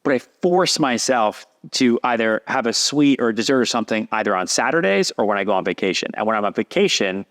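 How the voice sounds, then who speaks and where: A man in his thirties tells a story on a podcast. His voice sits at a middle pitch, and he jumps up high whenever he acts out the voices of other people. His delivery is casual and animated. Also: brisk, few pauses. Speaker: podcast guest.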